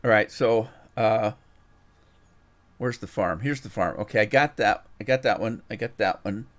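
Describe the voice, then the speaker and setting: A man's voice: on the low side, moderate pace, fairly bright tone. A middle-aged man hosting a game livestream, chatting casually and rambling, often repeating words as he thinks. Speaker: gaming livestream host. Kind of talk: casual chat while playing a game.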